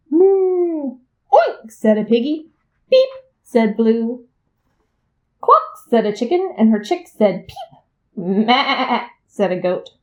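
Woman, picture book read aloud, slow, lively, sing-song, expressive animal sounds. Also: medium pitch, highs cut off. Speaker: reader.

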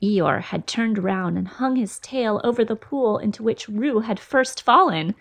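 A woman reading a children's storybook aloud in a gentle, expressive way. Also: mid-range voice, measured pace, gravelly. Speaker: storybook reader.

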